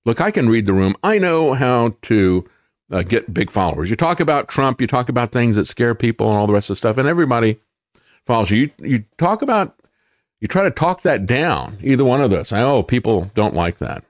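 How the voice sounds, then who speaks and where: Sarcastic male commentary host, lively pitch. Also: a little fast, no room sound. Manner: sarcastic, emphatic, mocking. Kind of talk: political commentary monologue.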